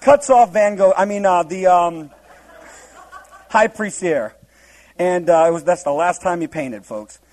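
A man's voice: sits high, a little slow, pauses often, darkish tone, rough recording. A man preaching a humorous verse-by-verse Bible teaching, laughing often and acting out the scenes in different voices.

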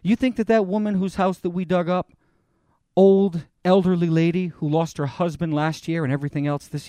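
Earnest, slightly high-voiced male preacher. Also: dark tone, dry recording, clean studio sound. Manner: earnest, conversational preaching, addresses the congregation directly. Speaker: pastor. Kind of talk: sermon.

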